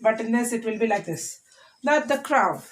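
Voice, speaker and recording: A woman teacher explaining a lesson to children, repeating words slowly for them to copy. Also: fairly high pitch, lively intonation.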